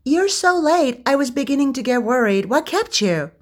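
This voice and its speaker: A woman's voice: high voice, big pitch swings, normal speed, voice pushed up. A woman voicing a cheeky, fretful young male servant who bickers and pleads with his master. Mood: bickering servant.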